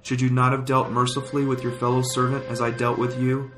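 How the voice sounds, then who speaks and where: A man voicing a king who rebukes a merciless servant, reading slowly and evenly. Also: medium pitch, completely flat delivery, music in the background, close to an everyday voice. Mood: stern.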